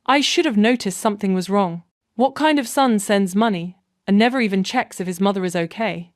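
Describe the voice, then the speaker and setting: A woman's voice: medium pitch, brisk, no room sound, lightly acted. A guilt-ridden grown son pleads his regrets, as a woman narrator reads his part. His lines come in a middle register from an audio story, dry and close with no room around the voice. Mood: remorseful. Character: remorseful wealthy grown son, man.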